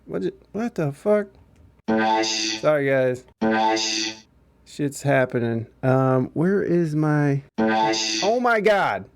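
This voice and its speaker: A man's voice: mid-range voice, very animated, drawn-out words, pauses often, clear, resonant tone, faint music behind. A man hosting a podcast in loose casual chat, laughing often and swearing freely. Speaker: podcast host.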